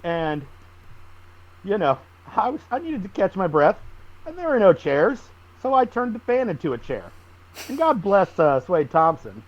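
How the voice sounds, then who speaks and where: Guy telling wrestling stories, real lively pitch, kinda dull lo-fi sound. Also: unhurried. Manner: animated storyteller, acts out shouted quotes. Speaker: professional wrestler guest. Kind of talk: casual storytelling interview.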